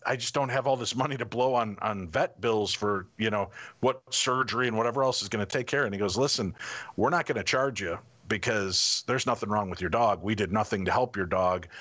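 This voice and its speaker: Low-voiced man telling a story. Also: dull audio. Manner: animated anecdotal storytelling, acting out quotes. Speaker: guest. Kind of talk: casual storytelling.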